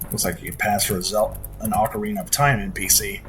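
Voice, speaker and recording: A man's voice: lowish voice, fairly even intonation, fast, hardly any pauses, fairly bright tone, faint music behind. A man giving casual, joking commentary as he plays a game. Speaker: let's play host.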